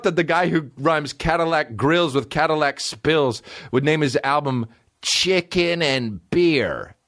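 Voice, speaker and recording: A man's voice: on the high side, fairly bright tone, dry recording, clean studio sound. A male comedian hosting a podcast, riffing crudely and rambling from joke to joke in a casual style. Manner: crude, rambling, jumps into quick voiced bits.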